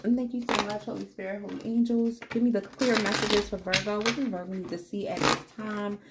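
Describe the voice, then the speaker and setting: A woman's voice: mid-range voice, fairly even intonation, fairly quick, heavy background noise. A woman giving a casual tarot reading, upbeat and encouraging, chatting straight to her viewers, with a cat meowing in the background. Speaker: tarot reader.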